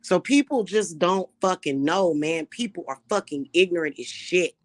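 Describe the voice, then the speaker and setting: A woman's voice: lowish voice, moderate pace, dry recording. Woman, casual profane rant to camera, dry close recording. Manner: brash, profane, animated. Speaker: spiritual reader and vlogger.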